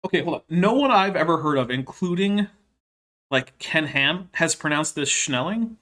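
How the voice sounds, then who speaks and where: A man giving sarcastic reaction commentary, with dry, mocking asides and deliberate pauses. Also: a little high, expressive, sharp tone. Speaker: reaction video host.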